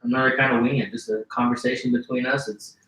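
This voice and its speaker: A man's voice: medium pitch, flat delivery, fast talker, sharp tone, far from the mic. A man hosting a casual podcast, laid-back and chummy, fighting off the hiccups. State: has the hiccups. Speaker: podcast host. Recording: roomy echoey home studio.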